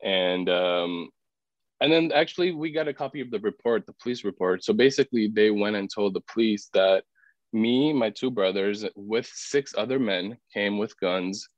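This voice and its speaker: A man with a fairly low voice shares a personal story on a podcast at normal speed, peppering it with "like" and imitating other people's words. The recording has no echo and sounds dull and dry.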